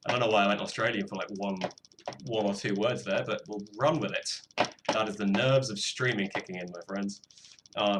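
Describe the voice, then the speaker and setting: A man's voice: fairly low pitch, a little fast, noisy background. A young British man chatting casually while he produces music on a live stream, self-deprecating and swearing freely. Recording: faint music behind voice.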